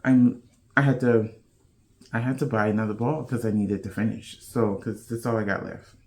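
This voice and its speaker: A woman's voice: a bass voice, steady tone, normal speed, darkish tone. A woman hosting a podcast in casual chat to camera, playful and loose, with slangy talk. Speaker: podcast host.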